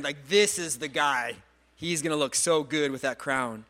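A male pastor preaching a sermon, earnest and animated, stumbling over repeated words and joking about himself. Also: on the high side, a little slow. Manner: self-deprecating humor.

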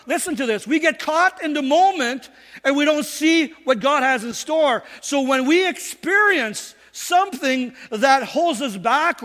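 A man's voice: extremely high pitch, fairly bright tone, long reverb tail. A man preaching a sermon as pastor, emphatic and full of rhetorical questions.

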